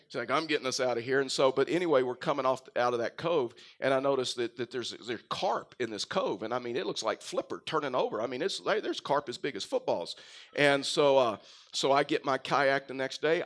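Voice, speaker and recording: A middle-aged man from Texas, a pastor preaching a sermon with a faint Texan accent, telling stories and swinging between loud emphasis and quiet asides. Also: medium pitch. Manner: storytelling, rises and drops in volume for emphasis.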